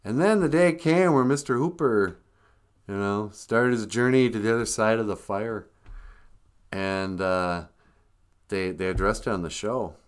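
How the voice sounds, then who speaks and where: A man's voice: fairly low pitch, measured pace, clean tone. A man hosting a livestream, telling rambling, jokey stories in casual talk. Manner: rambling, jokey, acts out voices. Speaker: livestream host. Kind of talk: casual comic storytelling.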